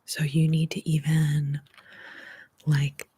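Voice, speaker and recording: A woman talks to her viewers in a soft, airy ASMR whisper, with no voiced tone in it at all. She takes her time and rambles casually, drifting off into asides. Her whisper sometimes sinks so low that it is barely audible. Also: monotone, takes it slowly, dry recording. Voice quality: breathy whisper. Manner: rambling, chatty, drops to near-inaudible whispers. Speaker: ASMR host.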